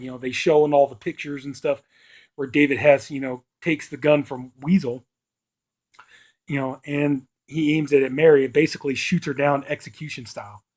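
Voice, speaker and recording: A man's voice: medium pitch, a little mellow. Rambling man recapping a horror film. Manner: rambling, constant "you know" fillers. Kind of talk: casual plot recap and review.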